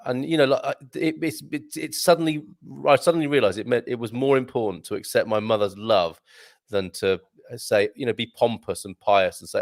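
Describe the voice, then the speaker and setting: A man's voice: mid-range voice, fairly quick, no echo. A middle-aged man chatting loosely on a live stream, trailing off and restarting his sentences as he reads out comments. The sound is dry and close, with no room around it. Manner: rambling, many restarts, chuckles. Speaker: co-host reading viewer comments. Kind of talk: casual chat on a live stream.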